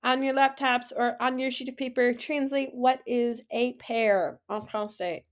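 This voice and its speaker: A woman's voice: a little high, fairly even intonation, a little slow. Encouraging woman teaching French. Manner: encouraging, repeats words for students to echo. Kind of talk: classroom lesson, slow model pronunciation.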